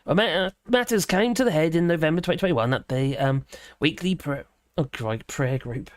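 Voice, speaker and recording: A woman's voice: low-pitched, normal speed, dry recording. A woman hosting a livestream, reading a news article aloud and breaking off for sarcastic, mocking remarks, with many fillers and hesitations. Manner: sarcastic, mocking asides between read passages. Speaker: livestream host.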